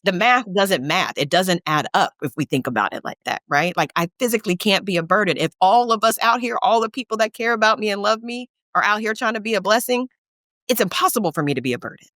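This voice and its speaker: A woman's voice: mid-range voice, lively intonation, quick pace, a bit bright, no room sound. Woman, therapist guest, emphatic pep-talk delivery, colloquial, dry close sound. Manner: colloquial, calls listeners y'all and sis. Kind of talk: podcast conversation.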